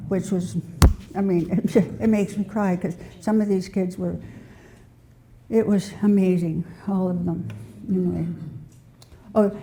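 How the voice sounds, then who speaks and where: An older woman tells stories in a loose, rambling way, with plenty of restarts and small laughs. Her voice is low and mellow with a gravelly fry. She sounds like a relaxed storyteller speaking to a local audience. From New Hampshire. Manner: warm rambling anecdotes with frequent restarts and laughter. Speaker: storyteller sharing community memories. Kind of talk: casual spoken storytelling.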